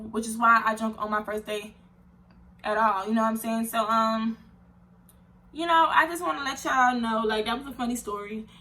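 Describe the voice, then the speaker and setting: A young woman tells a storytime vlog in a very bright, slightly high voice. She talks with animated indignation and lots of slang. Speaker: vlogger.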